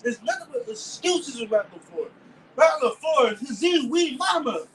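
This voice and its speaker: A man's voice: very high voice, sing-song, moderate pace, a little hiss or hum, low-quality recording. A man ranting angrily as a football fan on his own video channel, cursing and stammering over his words. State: angry. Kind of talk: heated fan rant vlog.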